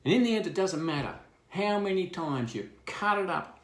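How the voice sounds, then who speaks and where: A man's voice: sits high, expressive, moderate pace, reverberant. An Australian man delivering a scathing, crude and sarcastic political rant. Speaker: political commentator. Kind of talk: ranting political monologue.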